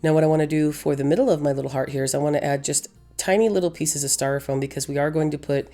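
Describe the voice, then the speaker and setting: A woman with a hoarse, gravelly voice from losing it, chatting through a crafting tutorial as host, rambling and correcting herself. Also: low-pitched, fairly even intonation, fast, mellow, faint music behind. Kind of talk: casual crafting tutorial voice-over.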